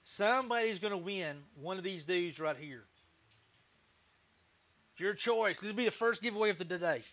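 A Texan woodturner hosts his woodworking livestream with loose, laid-back chatter, laughing easily and swearing casually. His voice is high for a man, bright and forward, and he speaks expressively at a moderate pace.

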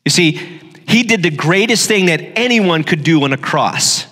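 A man's voice: fairly high pitch, lively intonation, normal speed, bright, forceful tone. Middle-aged male pastor, storytelling sermon with emphatic repetition, reverberant church hall.

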